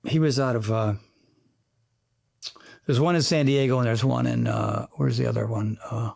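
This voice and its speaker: A man, a fitness trainer, chatting as an interview guest, telling animated, rambling stories peppered with sound effects. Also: medium pitch, moderate pace, gravelly. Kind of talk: casual interview chat.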